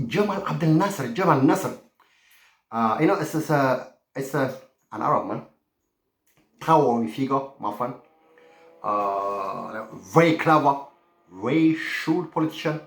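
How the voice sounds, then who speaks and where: A man from the Horn of Africa talking in a loose, rambling monologue, forever adding "my friend" and "okay?". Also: on the high side. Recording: roomy echo.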